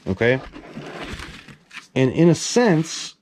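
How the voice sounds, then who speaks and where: Animated man telling a story. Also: medium pitch, slow, pauses often, a little hiss or hum. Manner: animated, excitable, swears casually. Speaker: collector showing his masks. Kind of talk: casual storytelling to camera.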